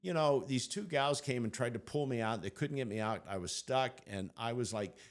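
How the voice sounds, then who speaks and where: An older man as an interview guest, telling a personal story in an animated way, laughing often and acting out what others said. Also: mid-range voice, moderate pace.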